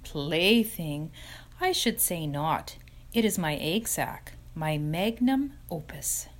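A weary, wise female spider, played by a woman reading a storybook. Her voice is weak and soft, the words gentle and slow to come. Now and then it fades into a breathy whisper. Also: low-pitched, animated, exaggerated voice. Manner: gentle, quiet, slipping to a whisper. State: weak, tired voice.

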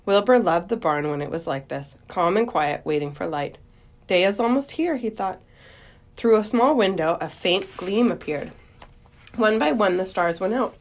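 A woman reading a children's book aloud in a gentle, expressive storytelling voice. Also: fairly low pitch, moderate pace.

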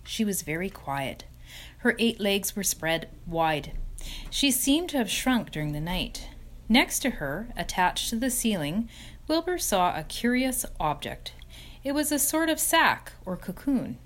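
A woman narrating a children's book chapter in an expressive storytelling voice. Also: medium pitch, a little slow. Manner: expressive, sing-song storytelling. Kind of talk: storybook reading.

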